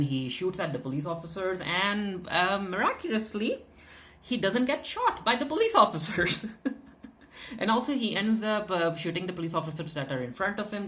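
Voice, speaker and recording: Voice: medium pitch, fairly bright tone. A reviewer giving a chatty, casual episode recap, full of fillers and acted-out character lines. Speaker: TV show reviewer.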